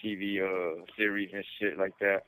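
A man's voice: low voice, flat delivery, normal speed, bright, forceful tone, smooth. A man calling in from prison, talking in a laid-back, slangy way full of swearing over a phone line. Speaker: caller from prison. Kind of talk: casual phone chat.

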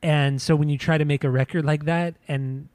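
A man's voice: fairly high pitch, steady tone, normal speed, a little mellow, no room sound. A man co-hosting a podcast, talking casually about music in a rambling way with many restarts. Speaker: podcast co-host. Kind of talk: casual chat.

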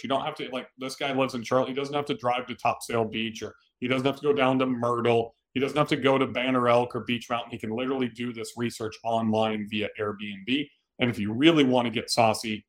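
A man hosting a solo podcast, giving direct, coaching advice in a plain-spoken way. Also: medium pitch. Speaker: podcast host.

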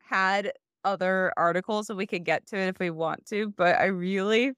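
A woman co-hosting a podcast over a remote call, chatting casually, excitable and swearing freely. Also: mid-range voice, normal speed, clear, resonant tone, no room sound, clean studio sound. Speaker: podcast co-host.

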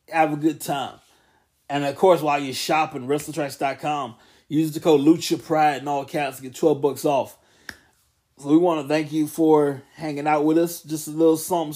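Guy in his late 20s rambling on his podcast, kinda high voice, keeps fixing what he just said. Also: a little mellow. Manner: rambling, loose, self-correcting. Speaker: podcast host. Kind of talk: casual solo wrestling podcast.

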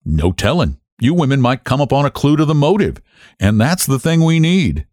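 In an audiobook, a man voices a smug, patronizing young county attorney with a brisk mood, using a sing-song, mid-range delivery at normal speed with a darkish tone. He pitches it above his own natural voice while staying close to everyday speech. The clean studio recording has no echo.

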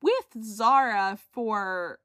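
A woman's voice: mid-range voice, drawn-out words, sharp tone, clean tone, no echo. Woman co-host, close dry sound, wry and questioning in casual chat. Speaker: podcast co-host.

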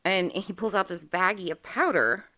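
A woman's voice: lowish voice, moderate pace, bright, forceful tone. A woman in her forties hosting a podcast, telling a candid, profane personal story in casual chat. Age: 40s. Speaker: podcast host.

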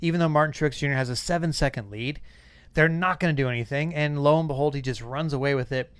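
Smooth, dry-sounding man chatting casually. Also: fairly high pitch, fast talker, no room sound. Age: 30s or 40s. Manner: chatty, self-deprecating, retells stories with little voices. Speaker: podcast host. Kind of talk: casual podcast chat.

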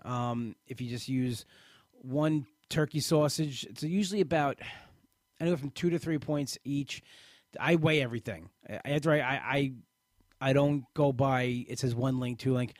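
A man's voice: medium pitch, dry recording. A man hosting a casual podcast, rambling with restarts and fillers, talking close to the mic. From Italian-American family. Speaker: podcast host. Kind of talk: casual live podcast chat.

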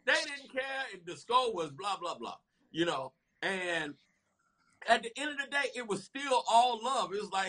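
Animated man with a bright, forceful voice. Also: high-pitched, moderate pace. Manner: animated, lively storytelling with laughter. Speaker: guest. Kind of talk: storytelling in casual chat.

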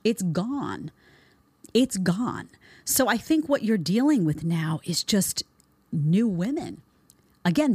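Blunt, sarcastic woman host, low voice. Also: no room sound. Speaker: commentary show host. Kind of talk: opinionated commentary.

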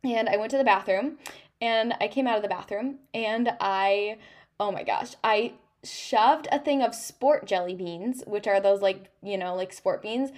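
A woman's voice: mid-range voice, unhurried. A young woman hosting her own podcast, telling a story in a chatty, casual way full of "like" and "um". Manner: chatty, filler-heavy storytelling with lots of "like". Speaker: podcast host.

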